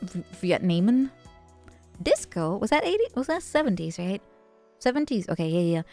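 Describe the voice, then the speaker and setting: A woman streamer in loose, casual chat, rambling from one joke to the next and laughing often. Her voice sits at an ordinary middle pitch. Soft music plays faintly behind her. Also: very animated. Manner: rambling, joking, quick to laugh.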